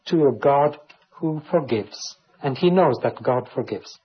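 A man's voice: mid-range voice, lively intonation, unhurried, breathy edge. A man preaching a Bible teaching sermon, reading scripture aloud and explaining it verse by verse. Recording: dull lo-fi recording.

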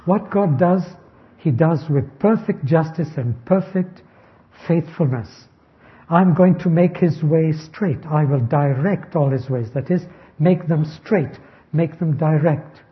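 Male preacher, slightly high voice, slow measured delivery, dull lo-fi recording. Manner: slow, deliberate, stressing key words. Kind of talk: expository sermon.

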